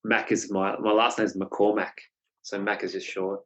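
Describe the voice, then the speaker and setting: A man hosts a casual podcast conversation. He speaks softly and agreeably, often reflecting aloud. His voice is low and a little husky. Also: little pitch movement, moderate pace, dull audio. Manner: soft-spoken, agreeable, reflective. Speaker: podcast host. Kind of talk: casual chat.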